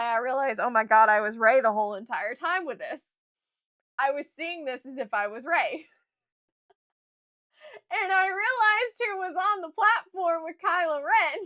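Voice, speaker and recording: Bright, high-voiced woman telling a story. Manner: animated, gushing fan storytelling with laughs and restarts. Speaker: author streaming a writing session. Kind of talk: casual storytelling chat.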